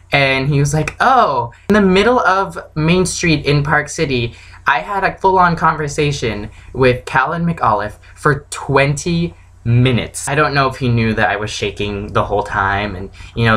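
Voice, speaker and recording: A young adult woman telling a story in a casual vlog, gushing and excitable as she recounts it. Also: a bass voice, rough recording. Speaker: vlogger.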